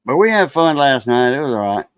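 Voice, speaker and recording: A man's voice: mid-range voice, very animated, fairly quick, clean tone, no echo, low-quality recording. A man hosting a casual live stream, rambling loosely through stories and chat.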